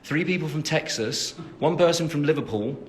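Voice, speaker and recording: A man's voice: fairly high pitch, expressive, moderate pace. English guy in his 20s rambling on a phone livestream, lots of ums, jokey, laughs at himself. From England. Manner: chatty and rambling, with many fillers and restarts. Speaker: livestream host answering fan comments. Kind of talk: casual livestream chat.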